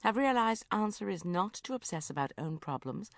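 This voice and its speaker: A woman narrating a first-person comic diary audiobook in a lively, self-mocking, exclamatory way. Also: mid-range voice, brisk, dry recording, clean studio sound.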